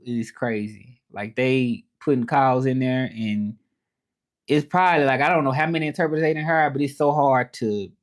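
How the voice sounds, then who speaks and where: A man with a Southern US accent chatting casually on his livestream, relaxed and talkative, repeating phrases and slipping in some French. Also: medium pitch. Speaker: interpreter and livestream host.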